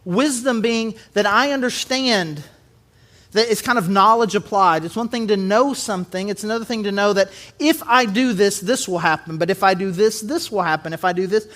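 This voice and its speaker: A man with a high speaking voice delivers a relaxed, conversational sermon. He talks like he is chatting with the room, slips easily into acted-out quotes, and slows down to stress his main points. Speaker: pastor.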